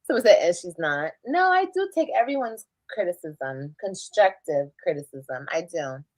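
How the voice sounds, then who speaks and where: A woman's voice: fairly low pitch, very animated, moderate pace, no echo, poor audio. A woman streamer who talks defensively and emphatically, repeating her points as she answers critics. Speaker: live streamer. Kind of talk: casual live-stream talk.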